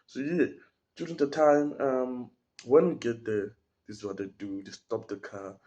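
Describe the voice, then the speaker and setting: A man's voice: mid-range voice, fairly even intonation, unhurried, darkish tone. A young man with a South African accent, telling a story in a casual podcast chat, full of slang and acting out the people in it. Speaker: podcast guest.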